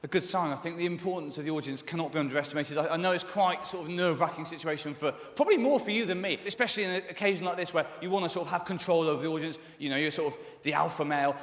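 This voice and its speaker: Fast-talking English stand-up man, roomy hall. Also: a little high. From England. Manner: rambling, self-mocking, quick asides and sudden shouts. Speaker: stand-up comedian. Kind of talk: live stand-up with crowd banter. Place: large theatre with a live audience. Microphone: stage microphone. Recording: roomy live theatre recording with crowd noise. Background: audience laughter and cheering.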